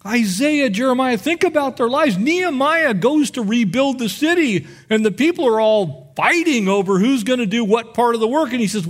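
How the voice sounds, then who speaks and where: A male pastor preaching with a high, very lively voice that swoops up and down as he tells the stories. He acts out the figures and talks straight to his congregation. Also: normal speed, few pauses. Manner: animated storytelling, acts out biblical figures. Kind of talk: sermon.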